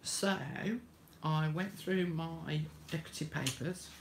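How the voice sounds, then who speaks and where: A woman's voice: low voice, takes it slowly, noisy background. A woman hosting a live craft demonstration, chatting homely and greeting viewers by name. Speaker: craft tutorial host.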